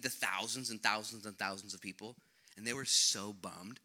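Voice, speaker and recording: Very bright-voiced pastor preaching. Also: male voice, on the low side, brisk. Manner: energetic, conversational, jokey, with big swings in loudness. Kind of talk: sermon.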